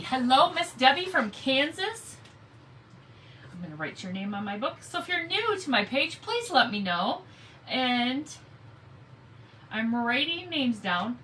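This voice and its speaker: A woman's voice: a little high, pushed and bright, recorded from a distance, slight background noise, poor audio. A woman hosting a live craft stream, chatting casually and greeting viewers by name as she works. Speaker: craft livestream host.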